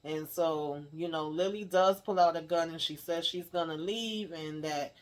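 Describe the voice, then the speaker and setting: A woman's voice: low voice, normal speed. A woman recapping a TV episode in a casual, chatty way, laughing often and acting out the characters' lines. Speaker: TV recap host.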